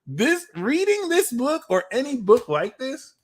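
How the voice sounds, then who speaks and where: A man in his thirties giving a livestream tarot reading, talking in a blunt, animated way and swearing freely. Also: very high voice, unhurried. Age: 30s. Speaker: tarot reader.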